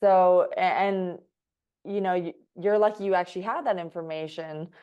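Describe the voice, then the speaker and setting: A woman host asking questions in a relaxed podcast chat. Her voice is a little low, and she reacts with quick interjections. The sound is dull and lo-fi. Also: clear, resonant tone.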